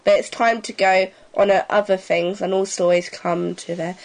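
A woman's voice: medium pitch, level tone, moderate pace, a little mellow, poor audio. A woman with an Isle of Wight accent co-hosting a casual home podcast, chatty and reading news with stumbles. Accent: Isle of Wight English. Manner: chatty, interrupting, reads with stumbles. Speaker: podcast co-host.

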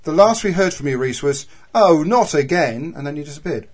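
A man's voice: fairly high pitch, expressive, fast talker, noisy background. Chatty man hosting a casual podcast. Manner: chatty and giggly, trails off with ums. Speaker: podcast host. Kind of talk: casual chat reading episode notes.

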